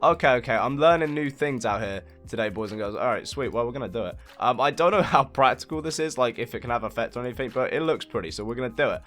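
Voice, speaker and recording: A laid-back man narrates his building tutorial as he plays. He rambles along with plenty of ums and uhs, pokes fun at himself, and sits at a mid-range pitch over faint background music. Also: lively intonation, fast talker, few pauses, a bit bright. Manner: chatty, rambling, lots of fillers; laid-back, self-mocking. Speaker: game building channel host. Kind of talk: casual gameplay building tutorial.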